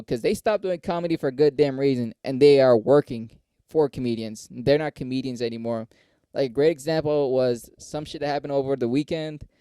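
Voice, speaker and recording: A young man hosting a podcast, a comedian rambling profanely about the comedy scene and acting out quotes in a higher voice. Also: warm tone, clean tone, no echo. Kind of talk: casual podcast monologue.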